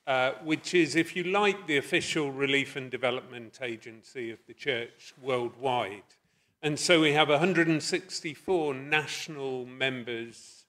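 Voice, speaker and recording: A man's voice: mid-range voice, sharp tone. A middle-aged man with a Scottish accent giving a conference talk, thoughtful and self-deprecating, with hesitant fillers. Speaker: conference speaker. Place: conference hall.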